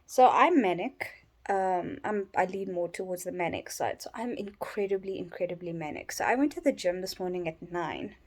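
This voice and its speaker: A tired, sleep-deprived woman rambling in a personal vlog from her bedroom, yawning and halting with many restarts. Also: on the low side, lively intonation, darkish tone. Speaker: vlogger.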